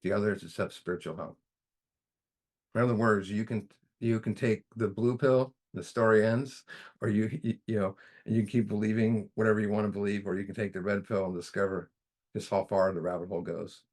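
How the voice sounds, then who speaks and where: A man's voice: fairly low pitch, level tone, fairly quick, a little mellow. A man leading a recovery study group in a casual teaching manner, folksy, often repeating himself and saying "you know".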